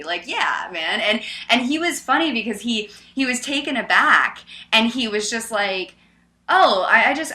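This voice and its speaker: An animated woman tells a story on a casual podcast. She talks loudly and leans on lots of "like"s and "um"s. Her voice is bright and forceful. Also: mid-range voice. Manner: animated, loud, many fillers like "like" and "um". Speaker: podcast co-host.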